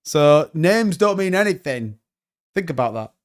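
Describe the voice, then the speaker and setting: Chatty man, fairly high voice. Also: big pitch swings, unhurried. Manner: joking banter, reading out chat comments. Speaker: crypto livestream host. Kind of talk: casual livestream chat.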